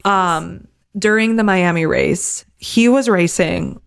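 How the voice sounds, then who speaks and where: A woman co-hosting a podcast in casual chat, excited and rambling, swearing casually. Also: lowish voice, slow, creaky, smooth. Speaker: podcast co-host.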